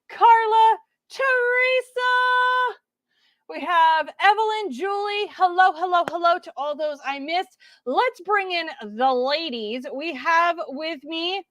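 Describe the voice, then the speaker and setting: A woman's voice: sits high, fairly bright tone, dry recording. A woman hosting a casual livestream, chatty and bubbly, laughing easily as she greets viewers by name. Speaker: livestream host.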